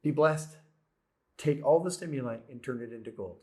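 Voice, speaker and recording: A man's voice: medium pitch, moderate pace, mellow. A man giving an earnest spiritual self-help talk, repeating phrases and asking rhetorical questions. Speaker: motivational speaker.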